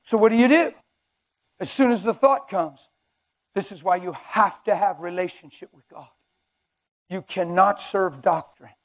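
A man with a high voice preaching a sermon. He talks in an emphatic, animated way and acts out little scenes to make his points. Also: unhurried, long pauses.

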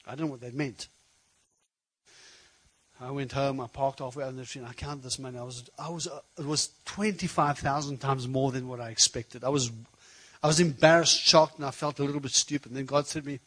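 A man preaching a sermon, telling a personal story in a conversational, animated way. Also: mid-range voice, a little fast, low-quality recording.

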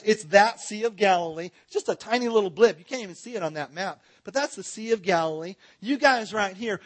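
High-voiced, playful male seminar instructor. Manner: playful, joking with the audience. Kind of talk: interactive teaching seminar. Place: church.

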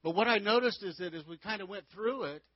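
A man's voice: high-pitched, quick pace, dry recording, lo-fi sound. Folksy man teaching a marriage lesson. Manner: folksy, conversational teaching with many restarts. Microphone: handheld mic.

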